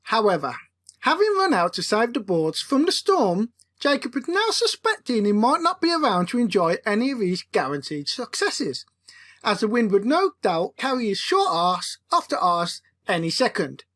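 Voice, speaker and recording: A woman reading her own comic novel aloud with a playful, expressive delivery. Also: fairly high pitch, moderate pace. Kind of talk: comic audiobook narration.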